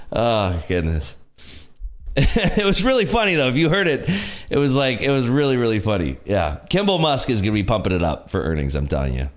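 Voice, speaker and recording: A man's voice: mid-range voice, huge pitch swings, brisk. A man hosting a live day trading stream, chatting casually, laughing often and cheering on his viewers. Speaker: day trading livestream host. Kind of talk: casual live market commentary.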